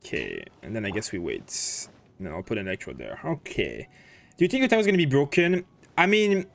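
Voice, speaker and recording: A man hosting a casual gaming livestream, thinking aloud as he plays and answering chat questions with plenty of fillers. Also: medium pitch. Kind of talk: casual livestream commentary while playing.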